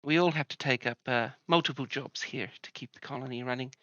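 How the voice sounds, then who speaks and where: A man's voice: medium pitch, fairly quick, bright, forceful tone, no room sound, dull audio, lightly acted. A man voicing a welcoming, chatty female herbalist healer who talks with hesitant fillers.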